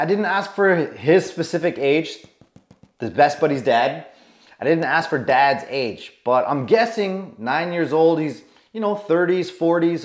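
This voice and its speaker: Emphatic man coaching in an echoey room. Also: a little high. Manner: emphatic, repeats himself, asks rhetorical questions. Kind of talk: motivational lesson to camera.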